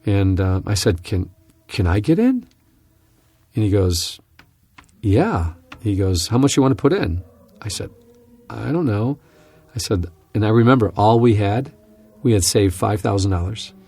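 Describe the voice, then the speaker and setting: A man teaching from scripture on a podcast, telling a personal story in an earnest, animated way. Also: fairly low pitch, a little slow, pauses often, breathy edge. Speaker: Bible teacher and podcast host.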